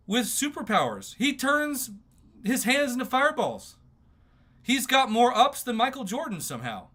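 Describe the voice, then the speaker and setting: A man in his thirties from New Mexico, hosting a casual livestream and talking in an emotional, excitable, ranting way. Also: high voice. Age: 30s. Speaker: livestream host.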